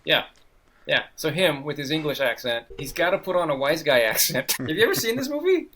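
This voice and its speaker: A man's voice: a little high, big pitch swings, brisk, a bit bright. Easygoing man joking on a video call. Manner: joking and easygoing, laughs between remarks. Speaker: podcast guest. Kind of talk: casual chat.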